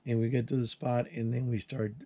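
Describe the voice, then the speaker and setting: A man's voice: flat delivery, brisk, darkish tone. An older retired man hosting his own channel, telling hunting and fishing stories in a casual, rambling way while he works on a small project. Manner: rambling, folksy, with restarts and sound words like "boom". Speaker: channel host. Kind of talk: casual vlog storytelling while working.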